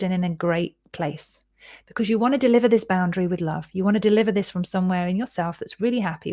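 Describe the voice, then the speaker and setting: A woman personal responsibility coach giving a calm, instructive talk that lays out points step by step. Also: mid-range voice. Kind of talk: recorded live-event talk.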